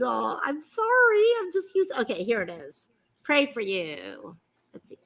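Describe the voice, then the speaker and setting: A woman hosting a casual livestream chat from home, talking to viewers and her pets. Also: fairly bright tone. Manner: chatty, talks to her pets in a high sing-song voice. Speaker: livestream host.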